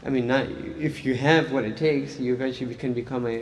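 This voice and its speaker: A man's voice: medium pitch, steady tone, brisk, in a large hall, slight background noise. A man teaching Islamic studies in a casual lecture style, talking conversationally and often checking in with "right?". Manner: conversational, frequent "right?" and "like" fillers.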